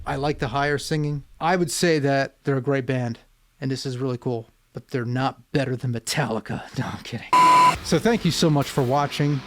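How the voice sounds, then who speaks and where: A man's voice: mid-range voice, moderate pace, slight background noise. A man hosting a music reaction video as a vocal coach, talking casually, thoughtful and a bit rambling.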